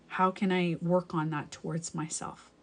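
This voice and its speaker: A woman's voice: fairly low pitch, level tone, measured pace. A woman coaching viewers on a live stream, talking casually and repeating her points to encourage them. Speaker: breakup and self-love coach.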